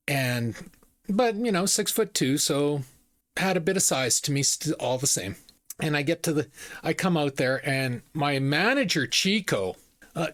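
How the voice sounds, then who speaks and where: A man's voice: fairly high pitch, fairly bright tone. A man hosting a podcast, telling a casual personal story with rambling asides and restarts. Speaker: podcast host.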